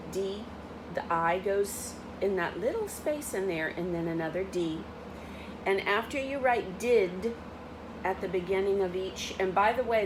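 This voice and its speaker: A woman's voice: medium pitch, noisy background. A woman teacher giving patient step-by-step instructions for class work at home.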